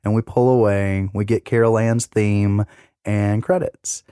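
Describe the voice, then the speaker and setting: A man's voice: on the low side, unhurried, smooth, no echo, clean studio sound. A man hosting a casual podcast, recapping a movie scene by scene with lots of swearing and acted-out quotes. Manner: profane, animated retelling with acted-out quotes. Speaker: podcast host.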